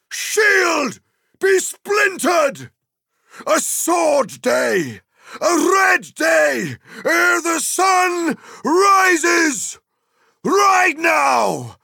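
A man's voice: extremely high pitch, very animated, extremely slow, creaky, sharp tone, no echo, raised voice, studio quality, voice pushed up, full character voice. A man voicing an old warrior king who bellows a rallying battle cry to his riders. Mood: rallying roar.

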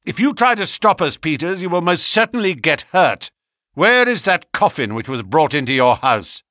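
A man reading an audiobook, voicing a firm, commanding male detective in a raised, louder voice. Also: on the high side, very animated, dry recording, clean studio sound, pitched above the performer's own voice. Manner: brisk and firm.

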